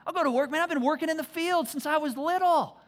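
Brief: eager, cocky shepherd boy, raised and quick, voiced by a male preacher. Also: very high voice, voice pushed up.

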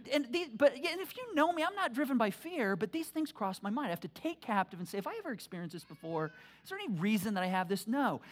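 A middle-aged woman pastor giving a conversational sermon, telling stories animatedly and acting out her own thoughts, often repeating words and restarting. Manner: animated storytelling, acts out own thoughts with big pitch swings; frequent word repeats and restarts.

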